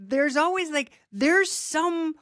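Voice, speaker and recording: A middle-aged woman hosting a podcast, bantering playfully in quick comic chat. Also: sits high, lively intonation, a bit bright, no room sound, studio quality. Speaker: podcast host. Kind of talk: casual comedic chat.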